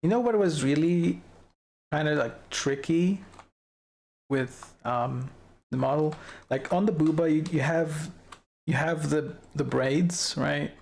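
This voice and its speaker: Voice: medium pitch, slow pace, creaky, pauses often, a little mellow. A young adult livestreamer chatting casually with viewers while showing off an avatar model, giggling often and rambling through thoughts. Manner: giggly, rambling, talks to chat. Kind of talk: casual live-stream chat.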